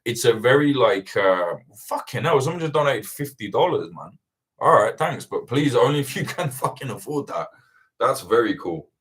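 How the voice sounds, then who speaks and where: A man hosting a livestream Q&A, chatting casually, swearing freely and rambling with lively energy. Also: mid-range voice, moderate pace. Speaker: host of livestream Q&A.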